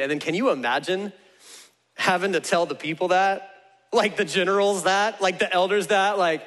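Male pastor, high voice, lively comic storyteller, long echo of a big church hall. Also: moderate pace. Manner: animated storytelling, playfully acts out characters. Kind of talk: sermon.

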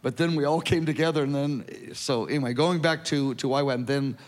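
A man's voice: medium pitch, a little fast. A man moderates a panel discussion. He talks in a loose, conversational way and prompts the guests. A long reverb trails his voice through the hall.

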